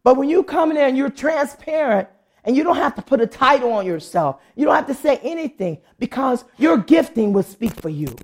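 Gravelly-voiced woman pastor preaching. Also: high voice, fairly quick. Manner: animated testimony, acting out quoted voices. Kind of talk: sermon with storytelling.

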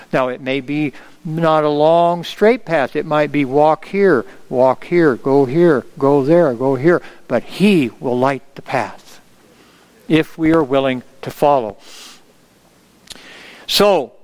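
A male preacher with a high, smooth and resonant voice delivers an earnest sermon. He sounds middle-aged and keeps checking in with the congregation for an amen. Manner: earnest, asks the congregation for amens.

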